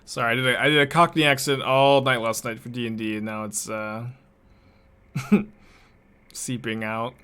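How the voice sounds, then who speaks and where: A man's voice: medium pitch, fairly even intonation, moderate pace, long pauses, pushed and bright, smooth. Chatty man streaming a card game. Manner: thinks aloud, chatty, answers chat questions. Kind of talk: casual live-stream gameplay commentary.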